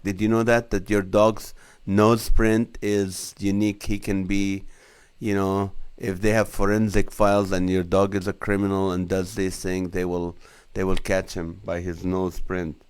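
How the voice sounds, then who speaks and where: A man's voice: on the low side, little pitch movement, measured pace, smooth. A man in his forties, a comedian hosting a casual live stream, reading viewer comments aloud and laughing along with their jokes. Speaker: comedian and show host.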